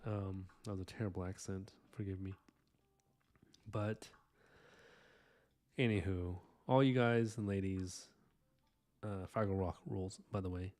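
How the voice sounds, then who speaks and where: A man's voice: low voice, steady tone, unhurried, long pauses. Rambling, earnest man on a live stream. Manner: earnest, rambling, warm-hearted thanks to viewers; frequent fillers and soft asides. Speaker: live-stream artist host. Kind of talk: casual live-stream chat while inking.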